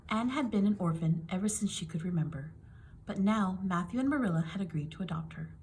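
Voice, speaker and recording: A woman reading a children's picture book aloud in a gentle, clear and expressive way. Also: on the low side, a little fast. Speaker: storybook reader.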